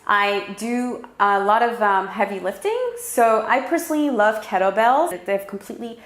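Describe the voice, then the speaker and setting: A woman's voice: mid-range voice, roomy sound. Chatty woman vlogger with a French accent. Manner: chatty and candid, quick asides. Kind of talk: casual talk to camera.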